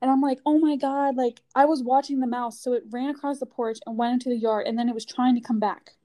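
A woman's voice: fairly high pitch, flat delivery, fast, mellow. A woman chatting casually, telling a story with lots of "like" fillers. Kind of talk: casual chat.

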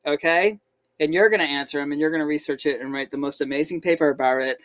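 A woman in her forties hosts a podcast from her home, her voice sitting a little low for a woman. She talks in a loose, playful way and teases the people she is chatting with. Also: fast talker. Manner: playful, teasing. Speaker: podcast host. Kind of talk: casual family chat. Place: at home, indoors.

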